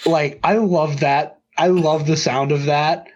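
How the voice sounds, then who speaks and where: A man's voice: a little high, steady tone, takes it slowly, muffled recording. A man co-hosting a casual podcast chat, talking upbeat and rambling with lots of fillers. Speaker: podcast co-host.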